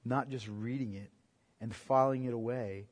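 A man preaching a sermon as pastor, rising to loud emphatic peaks and dropping to quiet asides, repeating phrases for emphasis. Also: steady tone, normal speed. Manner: swings from quiet, low asides to loud, high emphatic climaxes.

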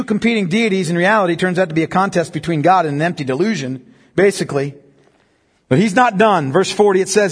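A male preacher with a high voice teaches through a passage of scripture. He reads the verses slowly and solemnly, then breaks them down in a conversational tone, asking the listeners rhetorical questions. His voice rings with the long reverb of a large church hall. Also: breathy edge. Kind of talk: expository sermon.

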